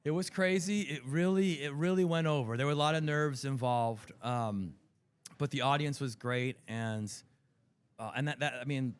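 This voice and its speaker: A middle-aged man, a comic book writer, chatting as a guest in an interview, telling animated stories and acting out quotes. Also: mid-range voice, normal speed, clean tone. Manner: animated storyteller, acts out quotes, laughs often. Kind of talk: casual interview chat. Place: convention floor TV set.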